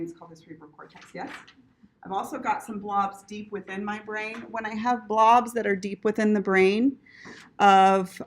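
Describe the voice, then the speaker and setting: Casual chatty woman lecturing a class. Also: medium pitch. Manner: casual, chatty, checks in with "right?" and mild swearing. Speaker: anatomy instructor.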